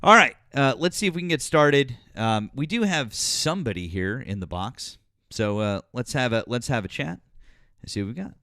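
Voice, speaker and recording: Smooth-voiced livestream host, profane when riled. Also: male voice, mid-range voice, animated, moderate pace, no room sound, clean studio sound. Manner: grateful shout-outs, blunt and profane when arguing. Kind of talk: casual livestream chat.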